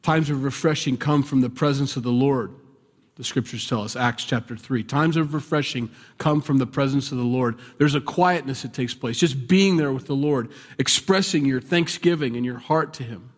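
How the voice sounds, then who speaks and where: A man preaching a sermon in a relaxed, conversational way, now and then raising his voice in animated bursts. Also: mid-range voice, normal speed. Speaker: pastor. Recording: long hall reverb.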